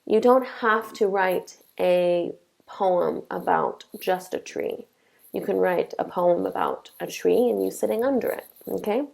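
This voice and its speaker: In a classroom lesson, a young woman with a lowish, darkish voice and vocal fry explains things step by step. Her pace is slow and deliberate, punctuated by frequent "okay?" checks.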